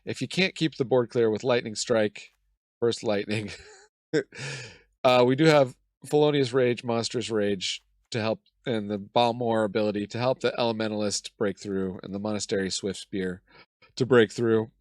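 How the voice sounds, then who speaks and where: A man with a cold talks through his game in a hoarse voice. His commentary is chatty and casual, thinking each move aloud with little laughs. The sound is dry and close. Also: lowish voice, normal speed, dry recording. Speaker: gaming channel host.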